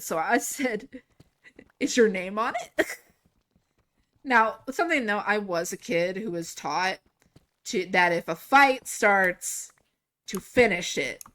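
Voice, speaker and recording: A young woman livestreams a game while casually telling a story, rambling and animated, laughing and swearing a lot. Her voice is medium in pitch.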